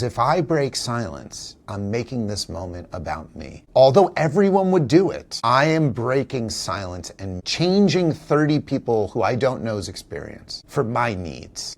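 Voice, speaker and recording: A man in an interview, telling a personal story in an earnest, reflective, emotional way. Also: on the low side. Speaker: actor, interview guest; father and teacher. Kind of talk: candid conversational storytelling.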